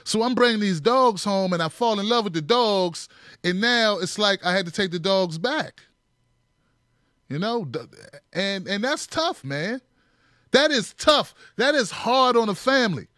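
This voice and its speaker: A man's voice: sits high, expressive, a little slow, a bit bright, no room sound, clean studio sound. A man hosting a political commentary show, talking in a punchy, sarcastic way with mocking asides.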